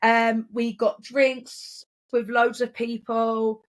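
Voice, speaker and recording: Chatty English woman with a high voice. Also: slow. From England. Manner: chatty, swearing, animated impressions in quotes. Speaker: podcast co-host. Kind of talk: casual storytelling chat.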